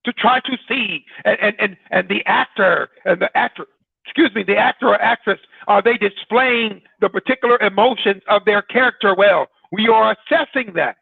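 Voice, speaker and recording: A man's voice: high-pitched, normal speed, gravelly, husky, no room sound. A man hosting an informal broadcast talk, conversational and full of rhetorical questions to his listeners. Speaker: broadcast host. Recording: dry, tinny phone-like sound.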